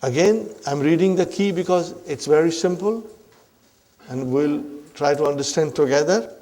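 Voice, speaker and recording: A man's voice: a little high, normal speed, warm tone. A man teaching Arabic grammar in a classroom lecture, who often checks in with his listeners and calls them brothers and sisters. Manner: repeats points, checks in often with "huh?" and "are you with me".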